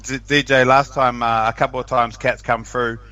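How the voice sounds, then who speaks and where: A man's voice: mid-range voice, flat delivery, normal speed, pushed and bright, muffled recording. A man hosting a podcast, enthusiastic and prone to rambling stories. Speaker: podcast host. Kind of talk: casual podcast chat.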